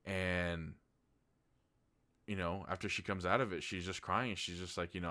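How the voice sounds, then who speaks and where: Man, very deep voice, casual vlog review, rambling, filler-heavy, swears. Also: steady tone, normal speed, long pauses, sharp tone. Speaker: TV review vlogger.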